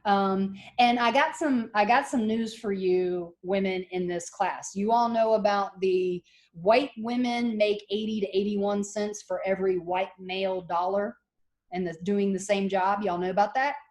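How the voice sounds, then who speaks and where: A middle-aged woman giving a classroom lecture, telling stories and acting out the people she quotes in lively voices. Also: mid-range voice, a little slow. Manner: animated, acts out quoted voices. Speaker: college lecturer.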